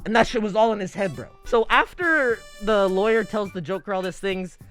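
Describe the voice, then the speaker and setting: A man chatting casually to his stream audience, talking in an animated way with lots of swearing and acting out dialogue in quick bursts. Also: high-pitched, soft background music. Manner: animated, profane, acts out quoted dialogue. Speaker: livestreamer.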